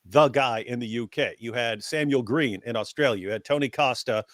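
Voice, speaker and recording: A man co-hosting a casual live-stream discussion, talking in animated runs full of restarts. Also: mid-range voice, fairly quick, dry recording, clean studio sound. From United States. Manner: animated, rambling with restarts, rising excitement when quoting others. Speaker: co-host.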